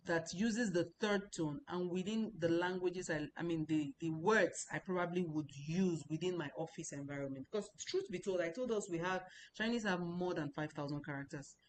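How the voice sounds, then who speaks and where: A woman giving an informal language lesson, repeating syllables slowly to model their tones. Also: on the low side, a little hiss or hum. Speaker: language teacher.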